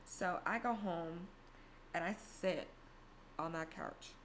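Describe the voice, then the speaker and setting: A woman's voice: fairly low pitch, takes it slowly, a little hiss or hum. A young woman telling a personal story in a candid, profane, self-mocking way. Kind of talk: casual storytime monologue.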